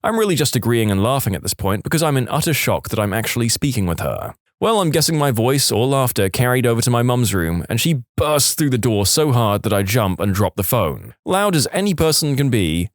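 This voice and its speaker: A man narrating online stories in a scripted, expressive reading style. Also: medium pitch, a little fast, hardly any pauses, no echo, clean studio sound. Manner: lively, expressive reading with acted quotes.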